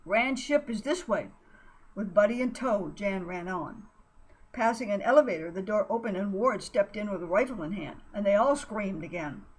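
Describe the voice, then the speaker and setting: A woman reading an adventure storybook aloud in an expressive way, with occasional stumbles and self-corrections. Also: mid-range voice, normal speed, husky, low-quality recording. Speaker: narrator. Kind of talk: storybook narration.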